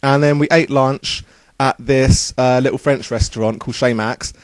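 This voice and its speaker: A man's voice: mid-range voice, steady tone, normal speed, dry recording. A young man casually recounting a trip in a rambling, upbeat way, full of fillers. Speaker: vlogger. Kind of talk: casual travel vlog.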